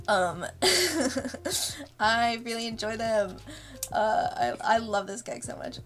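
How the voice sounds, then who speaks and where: A woman's voice: on the high side, lively intonation, slow, long pauses, a bit bright, soft background music. A woman, a webcomic creator, giving a casual, rambling commentary and laughing often between thoughts. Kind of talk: casual director's commentary stream.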